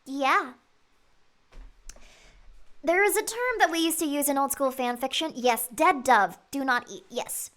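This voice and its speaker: A woman streaming a game live, chatting excitably with her viewers and swearing freely. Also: sits high, a little slow, pauses often.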